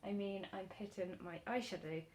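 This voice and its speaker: A woman beauty vlogger chatting casually while doing her makeup, telling an animated story full of fillers. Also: medium pitch, normal speed, slight background noise.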